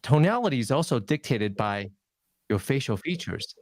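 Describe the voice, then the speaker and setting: At a moderate pace, a man delivers a webinar presentation on public speaking as a guest speaker. The studio-quality recording is dry, and his manner is that of an emphatic coach whose pitch moves animatedly.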